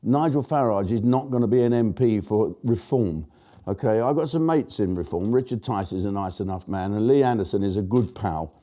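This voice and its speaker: A man's voice: on the low side, expressive, moderate pace, dark tone. An older man hosting his own show, delivering a blunt, jokey political rant in a casual monologue. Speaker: show host.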